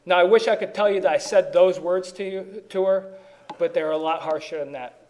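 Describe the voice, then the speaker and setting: Guy with a slightly high voice telling his recovery story, rambly, lots of restarts, jokes on himself. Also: moderate pace, a little mellow. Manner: rambling, many restarts, self-deprecating humor. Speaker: AA speaker. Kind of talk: personal recovery story at a meeting.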